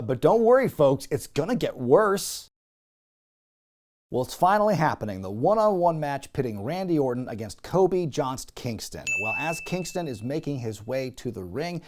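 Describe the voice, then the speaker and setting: A man's voice: medium pitch, darkish tone. A man hosting a wrestling recap podcast, talking in a casual, jokey way and acting out quotes in put-on voices.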